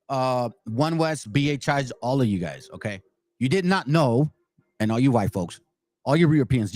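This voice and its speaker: A man's voice: fairly high pitch, a little mellow, dry recording. A man giving casual reaction commentary, blunt and mocking, swearing freely. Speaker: online commentator.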